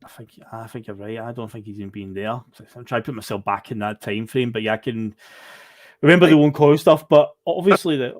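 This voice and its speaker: Scottish podcast host, measured recaps. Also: male voice, medium pitch. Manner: measured, recaps events for listeners. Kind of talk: casual football chat.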